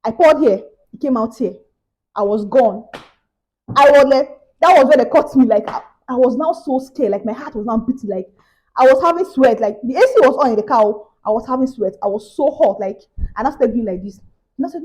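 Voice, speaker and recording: A young Nigerian woman with a Nigerian English accent, chatting to her viewers in a casual vlog. Her voice sits a little on the high side. She tells her story animatedly, jumping from loud exclamations to hushed asides. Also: lively intonation, a little fast. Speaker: vlogger.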